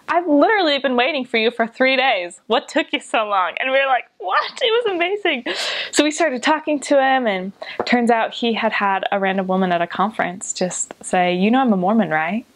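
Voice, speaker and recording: A young woman, a former missionary, telling a story casually with lots of "like", jumping into high voices when she quotes people. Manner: animated, lots of filler "like", jumps into high voices when quoting.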